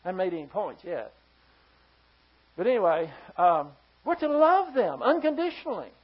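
A pastor's forceful sermon rolls along at normal speed in a sing-song, mid-pitched voice with a breathy edge. He keeps turning to the congregation with pointed rhetorical questions, and the recording is a little dull and lo-fi.

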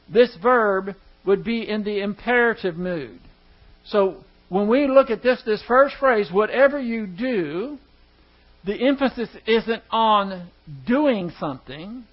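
A man with a high-pitched voice teaches an evening Bible study, frequently stumbling over words and restarting them. He poses rhetorical questions to his class, and the audio sounds dull.

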